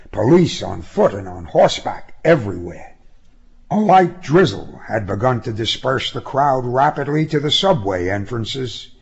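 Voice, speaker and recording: A man narrating a story in a measured, expressive way. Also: mid-range voice, creaky, breathy edge, lo-fi sound. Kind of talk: audiobook narration.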